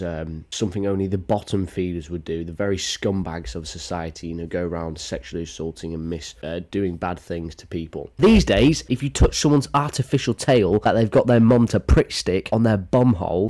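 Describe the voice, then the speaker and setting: Low-voiced man ranting sarcastically. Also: a little mellow. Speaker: reaction video host. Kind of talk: reaction commentary.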